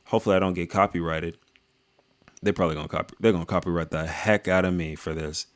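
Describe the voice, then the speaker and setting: Young man, reaction commentary, low voice, rambling and slangy, jokes throughout. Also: steady tone, fast talker. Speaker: video creator reviewing fights.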